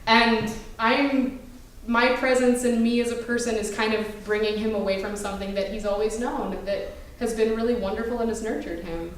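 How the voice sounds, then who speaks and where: A woman's voice: a little high, steady tone, moderate pace. A woman telling a true story on a small theater stage, wry, self-mocking and profane. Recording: echoey room recording from far off, with noise. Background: audience laughter.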